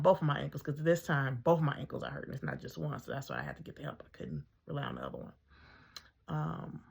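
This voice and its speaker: A woman's voice: deep voice, gravelly, dull audio. A middle-aged woman, a mother, telling her own story in a casual, conversational way, full of ums and acting out her own thoughts.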